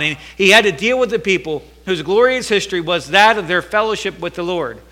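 A male preacher with a high-pitched voice delivers a sermon, acting out the words of scripture. He often repeats or restarts a phrase to press a point home. His tone is bright and forceful.

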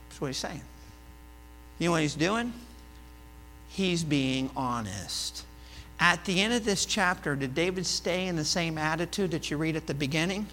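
A male pastor giving a conversational sermon, telling stories and swinging between hushed asides and loud emphatic points. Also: sits high, expressive, normal speed, vocal fry. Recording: reverberant hall with mains hum.

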